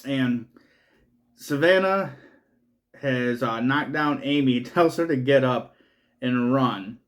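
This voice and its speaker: A man's voice: mid-range voice, slow pace. A man giving a casual spoken film review, rambling through the plot with frequent swearing and laughter. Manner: profane, laughing, rambling recap. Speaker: movie reviewer.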